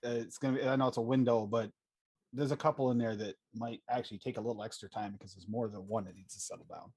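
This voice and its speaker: A man co-hosting a casual livestream who rambles, pausing on many fillers. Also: mid-range voice, fairly even intonation, darkish tone, slightly rough, dry recording. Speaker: livestream co-host and advocacy streamer.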